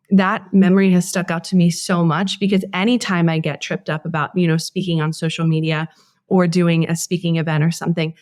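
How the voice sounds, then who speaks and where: A woman's voice: on the low side, darkish tone, no room sound, clean studio sound. A woman hosting a podcast, talking in an earnest, heartfelt and reflective way. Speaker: podcast host. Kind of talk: casual conversation.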